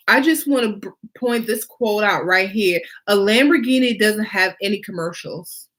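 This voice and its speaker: Woman vlog host, unhurried, emphatic casual monologue with repeated lines and rhetorical questions. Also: mid-range voice. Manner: emphatic and animated, with many rhetorical questions and fillers. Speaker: fashion designer and vlog host.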